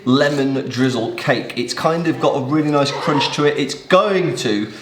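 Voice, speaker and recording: A man's voice: medium pitch, a little slow, noisy background. An English man demonstrates a bake on a live stream from his home kitchen. He describes the food with eager, rambling enthusiasm and plenty of fillers. The sound is roomy and echoey. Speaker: co-host cooking on a live stream. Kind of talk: casual cooking demonstration.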